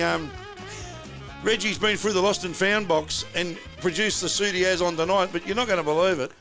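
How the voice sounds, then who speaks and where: Aussie host, middle-aged bloke, slightly higher voice, joking around at a pub. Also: male voice, steady tone, normal speed, over music. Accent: Australian. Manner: jokey, rambling, banter-heavy. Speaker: podcast host. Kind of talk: casual chat. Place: pub, indoors.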